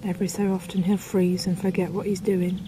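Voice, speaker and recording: A woman's voice: fairly low pitch, level tone, brisk, background noise. A woman filming her cat in a garden, cooing and teasing him in affectionate baby talk. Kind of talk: casual baby talk to a pet. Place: garden, outdoors.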